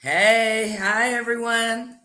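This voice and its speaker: A woman's voice: fairly high pitch, steady tone, very slow, sharp tone. A woman co-hosting a casual livestream talk show, chatting cheerfully. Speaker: co-host.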